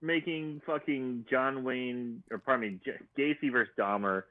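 A man's voice: medium pitch, moderate pace. Sarcastic man on a tinny line. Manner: sarcastic, joking. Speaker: podcast co-host. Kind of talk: casual banter. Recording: tinny phone-like call line.

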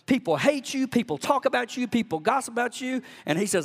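A man's voice: very high-pitched, expressive, fairly quick, vocal fry. A male pastor with a Southern US accent, preaching a sermon in a folksy, fervent manner in a church. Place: church sanctuary. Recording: long church hall reverb.

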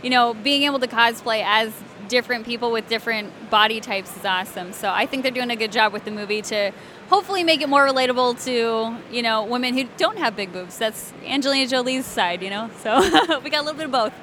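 A woman from Alabama, working as a voice actress, chats in a casual interview, bubbly and often giggling, with lots of fillers. Her voice sits on the high side and sounds bright and forceful, and she talks fast. There's slight background noise.

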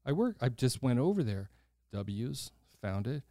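Mellow-voiced older man telling a story. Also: mid-range voice, a little slow, no echo, clean studio sound. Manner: animated storyteller who acts out quoted voices, blunt and swears casually. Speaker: podcast host. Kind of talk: casual storytelling conversation.

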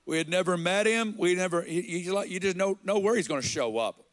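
A man from Arkansas, preaching and telling a personal story in an earnest, halting way. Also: high voice. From Arkansas, USA. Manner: earnest, slow and halting, with quoted dialogue. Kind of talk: sermon storytelling.

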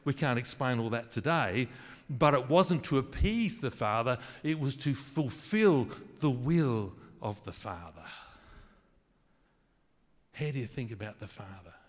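A man's voice: mid-range voice, expressive, unhurried, in a large hall. A man preaching a sermon in a conversational way, asking his listeners questions. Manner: conversational, asks the congregation questions, jokes about his wording.

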